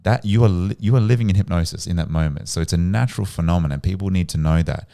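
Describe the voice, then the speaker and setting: A man with an extremely low, gravelly voice, mellow and smooth in tone, explains things calmly and steadily. He sits close to the mic in a dry room. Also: no room sound. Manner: calm, explanatory, measured. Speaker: podcast guest, regression psychotherapist. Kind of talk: casual podcast interview.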